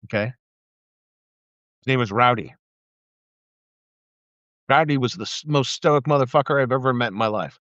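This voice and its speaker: A man's voice: medium pitch, moderate pace, long pauses, a bit bright, no room sound. A middle-aged man delivering an angry, profane, sarcastic political rant on a live video. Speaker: live video streamer, former military investigator. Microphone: phone or webcam mic. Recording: dry, slightly muffled live stream audio.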